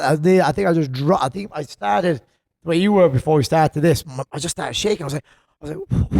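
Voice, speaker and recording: A man's voice: fairly high pitch, fast, vocal fry, a little mellow, dry recording. Chatty Irish man, dry close sound. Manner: chatty, rambling storyteller. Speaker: podcast guest, gym co-owner. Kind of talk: casual podcast chat.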